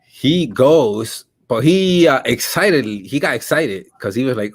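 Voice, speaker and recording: Young guy, animated casual podcast co-host, wide swinging pitch, dry close mic. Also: moderate pace, no echo. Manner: lively, profane, acts out quotes. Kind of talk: casual storytelling chat.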